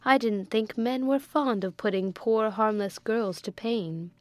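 A woman's voice: a little high, measured pace, a little mellow, dry recording, lightly acted. A woman doing a sweet, artful young lady. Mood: sweetly coaxing. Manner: sweet, coaxing.

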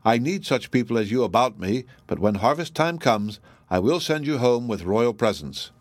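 Voiced by a man, a stern fairy-tale king gives orders in short, abrupt bursts. The sound is dry and close. His pitch sits in an ordinary middle range. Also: animated, normal speed, no echo, lightly acted. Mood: regal. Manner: commanding, abrupt outbursts. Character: stern older male king, commanding.

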